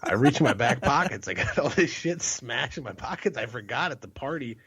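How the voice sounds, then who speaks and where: A man's voice: medium pitch, lively intonation, a little fast, sharp tone, slightly rough. A man co-hosting a podcast, telling a rambling, profane story and laughing mid-sentence. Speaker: podcast co-host. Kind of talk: casual storytelling chat. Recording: lo-fi muffled sound.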